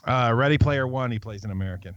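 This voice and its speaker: A man co-hosting a podcast in casual chat, quick, emphatic and joking. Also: medium pitch, a bit bright, no echo, muffled recording. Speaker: podcast co-host.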